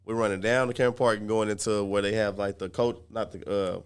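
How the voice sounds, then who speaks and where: Male podcast co-host, rapid casual storyteller, profane, quotes people in their own voices. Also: fairly low pitch, clear, resonant tone. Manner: animated retelling with heavy profanity, acts out quotes.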